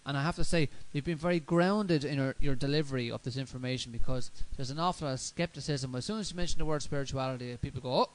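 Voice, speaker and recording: A man hosting a radio show, talking in a relaxed, rambling way with many fillers. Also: medium pitch, fast talker, hardly any pauses, low-quality recording. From Ireland. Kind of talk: casual chat.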